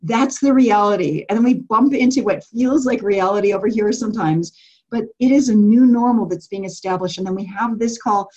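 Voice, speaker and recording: A retreat leader speaks to her group over a call in a medium-pitched voice, fairly quickly, through lo-fi sound. Her talk is casual and animated, with many restarts and fillers, and she often acts out quotes while laughing.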